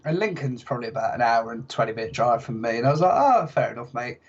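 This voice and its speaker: A man's voice: medium pitch, very animated, fast, lo-fi sound. A young man telling stories as a podcast guest, chatty and self-mocking. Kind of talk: casual podcast chat.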